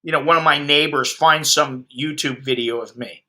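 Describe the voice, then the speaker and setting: His voice sits a little high, with fairly even intonation and a moderate pace, and it comes across bright and forceful. He's an American expat vlogger in his fifties, ranting bluntly and profanely in a livestream chat with his viewers.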